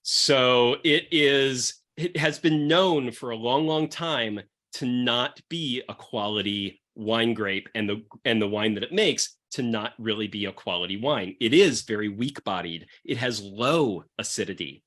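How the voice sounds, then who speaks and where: A man's voice: medium pitch, unhurried, few pauses, fairly bright tone. A man hosting a podcast, chatting loosely and profanely about wine. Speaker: podcast host pairing wines with comics. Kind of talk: casual chat.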